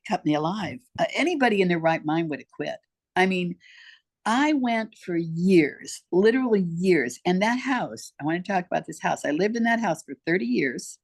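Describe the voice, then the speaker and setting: Older woman, emphatic storyteller. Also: lowish voice. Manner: emphatic, heartfelt, talks straight to the host. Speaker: podcast guest. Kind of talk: personal storytelling in interview.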